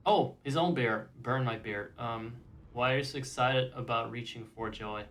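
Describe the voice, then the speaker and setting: A man streaming a video game, chatting casually in a rambling, joking way, with swearing, often trailing off softly. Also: mid-range voice, normal speed, a little hiss or hum. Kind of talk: casual gameplay commentary.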